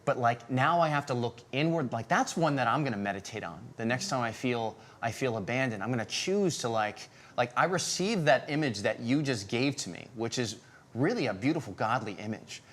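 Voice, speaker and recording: A man co-hosting an interview, who thinks aloud in a halting, reflective way with frequent fillers. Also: mid-range voice, expressive, fairly bright tone. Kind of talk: conversational interview.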